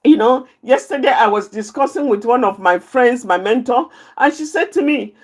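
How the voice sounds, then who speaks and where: A woman's voice: a little high, expressive, moderate pace. A woman giving a live teaching talk on managing anger, repeating key phrases emphatically and pointing out positions with her hands.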